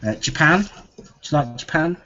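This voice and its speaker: A man's voice: a little high, expressive, normal speed, background noise. A man chatting in a rambling, casual way on a livestream. His voice comes through slightly dull.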